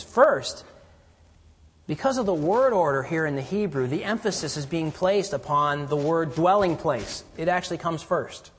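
A man with a fairly high, somewhat husky voice preaches in an earnest way, moving between loud emphasis and hushed, quiet lows. His voice carries a long reverb, as if in a church sanctuary. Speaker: pastor. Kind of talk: sermon. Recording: reverberant hall.

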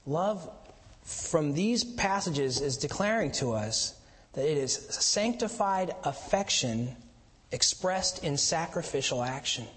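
A man preaching a sermon as pastor, mixing chatty asides with slow, emphatic lines. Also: a little high, lively intonation, a bit bright, in a large hall.

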